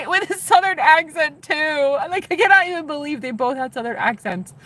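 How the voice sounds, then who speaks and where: A woman live streamer chatting casually with her viewers, gushing and excitable, with casual swearing. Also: high-pitched, brisk.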